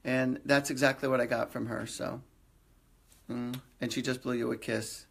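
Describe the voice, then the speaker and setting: A man's voice: mid-range voice, level tone, normal speed, creaky, a bit bright. A middle-aged man, hosting a live psychic reading and passing on reassuring messages in an earnest voice that often repeats itself. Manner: earnest, reassuring, repeats phrases, jokes lightly. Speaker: psychic medium host. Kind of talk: live-stream reading for viewers.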